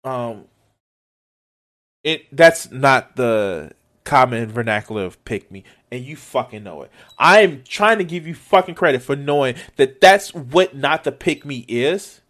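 A man's voice: medium pitch, expressive, measured pace, a bit bright. A man doing profane reaction commentary on a video, exasperated and sarcastic, swearing often.

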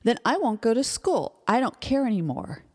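A woman's voice: a little high, sing-song, normal speed, long reverb tail. Woman quoting a pushy teenage girl. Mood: demanding.

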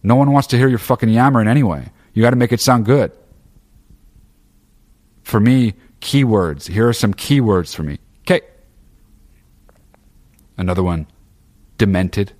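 A man with a notably low, deep voice delivers a loose, profane monologue straight to his listeners. He rambles and restarts his sentences, swearing freely as he pushes his opinions. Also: normal speed, pauses often, darkish tone. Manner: frequent fillers and restarts. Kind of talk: casual monologue.

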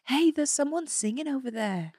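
A woman playing an excited Australian tourist with a put-on Australian accent. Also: high-pitched, moderate pace, no echo, clean studio sound, voice pushed up. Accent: mock Australian accent. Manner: excited, giggly improv.

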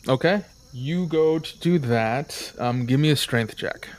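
A man narrating as game master of a tabletop game, describing scenes in a relaxed way with fillers. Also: medium pitch, measured pace.

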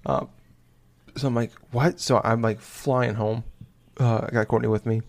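A young man chatting casually on a podcast, telling a story in a halting, rambling way full of restarts and fillers. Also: medium pitch, fairly even intonation.

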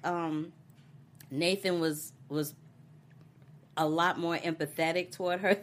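Brief: woman, low-pitched, animated chatty recap co-host. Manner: animated, laughs often, acts out characters' lines. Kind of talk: casual chat.

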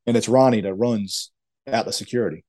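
A middle-aged man spins long, rambling stories in an interview. His voice is warm and mellow, and his manner is casual and animated, with plenty of "man" and "dude" along the way. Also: fairly low pitch, a little fast, no room sound. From Louisiana. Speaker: retired wrestler, guest. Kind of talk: interview storytelling.

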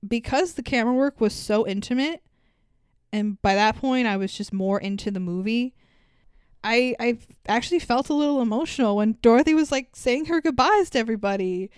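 A woman co-hosts a casual film podcast, recapping scenes with profanity and frequent laughter. Her voice is smooth and somewhat high. The sound is close and dry. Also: a little fast, no room sound. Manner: profane, laughing, animated storytelling. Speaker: podcast co-host. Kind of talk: casual movie review chat.

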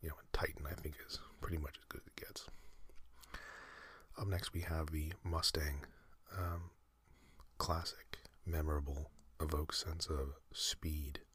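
A man hosting a sleep podcast, talking in a soft breathy whisper, slow and meandering with many fillers. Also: rumbling low, level tone, no room sound. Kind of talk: rambling whispered sleep talk.

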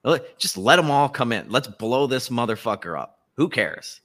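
Male podcast host, mid pitch, sarcastic and profane, loose conversational delivery. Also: lively intonation, normal speed, a bit bright. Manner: profane, sarcastic, laughs often. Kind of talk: casual political chat.

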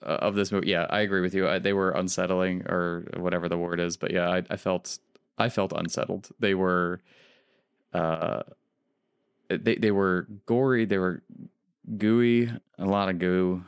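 A man with a deep, low voice talks casually on a podcast. He rambles, restarts his sentences and slips into playful quoted voices. The recording is dry and close. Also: little pitch movement, normal speed, clean tone, no room sound. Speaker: podcast co-host. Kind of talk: casual chat.

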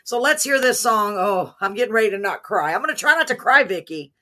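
A woman hosting an interview show, chatting in a gushing, emotional way that comes in animated bursts. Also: mid-range voice, brisk. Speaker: podcast host. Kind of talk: casual interview chat.

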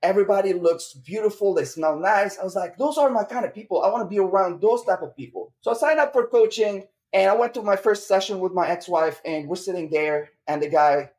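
Lebanese-born man telling a lively story. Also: high-pitched, brisk, few pauses. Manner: acts out quoted voices, says bro often. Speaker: guest entrepreneur. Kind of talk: animated storytelling.

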